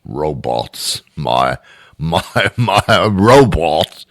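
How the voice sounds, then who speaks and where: A British man hosting a radio talk show, talking in an animated, mock-indignant, rambling way. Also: on the low side, measured pace, dry recording, clean studio sound. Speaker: radio host. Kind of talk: comic talk radio monologue.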